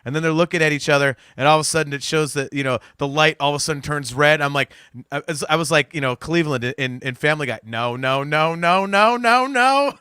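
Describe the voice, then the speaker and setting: A man with a high, bright voice cohosts a casual talk show. He tells stories with big, animated energy, cursing as he goes. The sound is dry and close. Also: fast talker, clear, resonant tone, no echo. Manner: animated, loud, profane storytelling. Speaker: podcast host. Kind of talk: casual chat.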